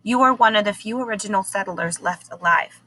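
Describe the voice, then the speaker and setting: A woman reading aloud as a badly wounded colonial captain, delivering his lines slowly, low and quiet. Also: a little hiss or hum, close to an everyday voice, rough recording. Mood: weary.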